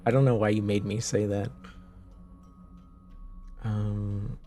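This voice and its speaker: A man's voice: lowish voice, flat delivery, slow, warm tone, faint music behind. A man in his twenties from Canada, chatting casually with his live-stream viewers and answering their questions with lots of fillers and restarts.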